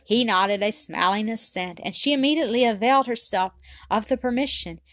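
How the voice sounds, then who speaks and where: A woman narrating a classic story as an audiobook, reading in an even, unhurried way. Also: on the high side, dry recording.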